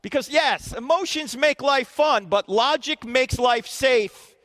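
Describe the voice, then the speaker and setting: A man's voice: extremely high pitch, slow, fairly bright tone. A man giving a live lecture to a student audience in a university auditorium, quizzing them with questions as he goes. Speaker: Christian apologetics speaker. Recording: reverberant hall.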